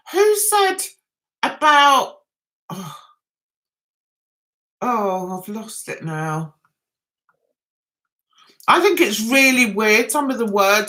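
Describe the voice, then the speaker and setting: A woman's voice: medium pitch, bright, forceful tone. An English woman hosting a casual livestream, chatting and answering viewer comments aloud, often laughing. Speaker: livestream host.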